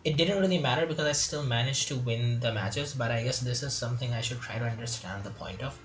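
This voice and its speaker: A man's voice: medium pitch, fast talker, a bit bright, faint music behind. A man giving casual, chatty gameplay commentary while playing through a game tutorial and reading its tips aloud.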